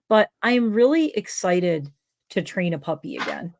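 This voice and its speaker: A woman's voice: mid-range voice, normal speed, a little mellow. A woman hosting a casual livestream chat, a dog trainer who rambles with lots of fillers. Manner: rambling, filler-heavy talk. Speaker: livestream host.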